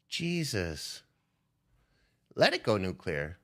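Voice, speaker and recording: A man's voice: mid-range voice, lively intonation, normal speed, a bit bright. A young man ranting on a stock trading livestream, profane and confrontational as he calls out viewers. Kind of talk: unscripted livestream rant.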